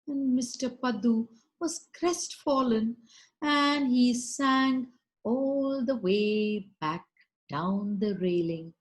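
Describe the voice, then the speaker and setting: Lively, slow Indian woman storyteller. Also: mid-range voice. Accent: Indian English. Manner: expressive, dramatic. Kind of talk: storytelling performance.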